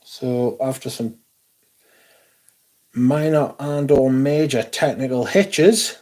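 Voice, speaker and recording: Guy hosting a livestream, slow and drawn out, swears a lot and grumbles. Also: mid-range voice, darkish tone. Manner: sweary, grumbling about technical trouble. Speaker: livestream host. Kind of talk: casual livestream chat.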